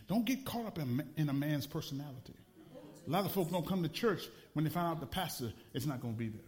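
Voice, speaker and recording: A man's voice: fairly high pitch, lively intonation, fast, a little mellow. A man preaching a sermon, a pastor from the Los Angeles area, telling a story with laughs and repeated phrases for emphasis.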